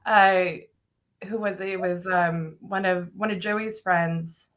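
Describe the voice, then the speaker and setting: A woman casually telling a story on a podcast, animated, swearing and laughing as she goes. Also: lowish voice, slow pace.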